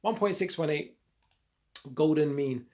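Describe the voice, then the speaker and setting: A man teaching a chart lesson with a croaky voice, upbeat and repetitive as he talks through his drawing on the screen. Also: fairly high pitch, unhurried, dark tone. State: croaky voice, frog in throat. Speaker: trading educator.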